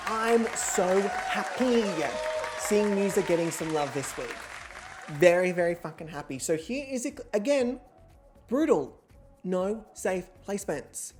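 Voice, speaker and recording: A woman's voice: lowish voice, expressive, measured pace, a little mellow, faint music behind, some chatter behind. A woman hosting an online reality game show livestream in a playful, theatrical way, with casual swearing. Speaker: host.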